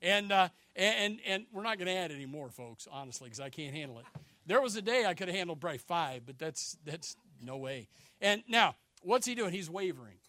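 An older man preaching a sermon as pastor, folksy and joking, swinging between loud emphasis and hushed asides. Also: high voice, animated, brisk, dry recording.

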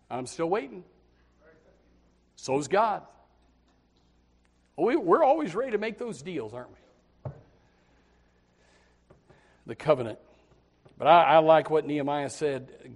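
Animated preacher with a high voice. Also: male voice, takes it slowly, long pauses. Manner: animated, swings between low asides and loud pleading; repeats words when starting phrases. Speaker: Baptist preacher. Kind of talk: sermon.

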